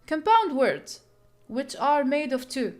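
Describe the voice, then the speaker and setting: A woman's voice: high-pitched, very animated, slow pace, darkish tone. A woman teaching an English pronunciation lesson, explaining and demonstrating word stress step by step.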